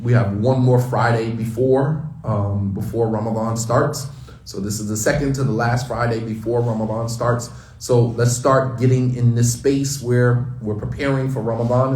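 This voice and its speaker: A man's voice: mid-range voice, darkish tone. Male imam, conversational and emphatic, distant mic with room echo. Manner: conversational, emphatic, repeats phrases. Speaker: imam giving a morning reminder. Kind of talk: casual religious talk. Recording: roomy sound, mic at a distance.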